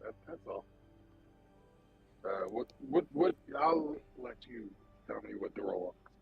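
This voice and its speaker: A man's voice: mid-range voice, wildly swooping pitch, measured pace, creaky. A man playing a character in a tabletop game, pressing insistently for answers. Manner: insistent, probing. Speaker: player. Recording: dull lo-fi sound with faint music.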